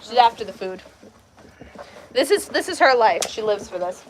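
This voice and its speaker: A woman's voice: a little high, lively intonation, moderate pace, slight background noise. A woman hosting a casual livestream while doing farm chores, chatting to viewers, talking to her animals and laughing often, recorded on a handheld phone in a farmyard and barn. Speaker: livestream host.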